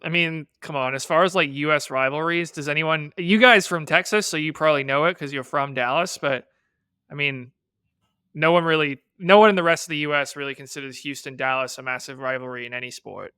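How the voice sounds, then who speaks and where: A podcast co-host from Boston talks in a casual, thinking-aloud way. His voice is bright and crisp and sits a little high, and the sound is dry and close. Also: fairly quick, no echo. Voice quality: thinks aloud, hedging with "I mean" and "like". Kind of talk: casual chat.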